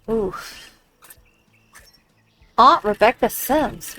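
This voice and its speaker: A woman's voice: medium pitch, animated, measured pace, pauses often, a little hiss or hum, poor audio. A woman giving casual commentary while playing a video game, exclaiming often and reading on-screen text aloud. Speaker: gamer.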